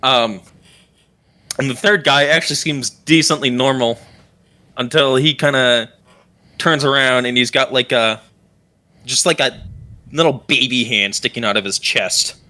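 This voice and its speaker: A man's voice: medium pitch, measured pace, pauses often, pushed and bright. A young man narrating a tabletop game as game master, rambling with many fillers.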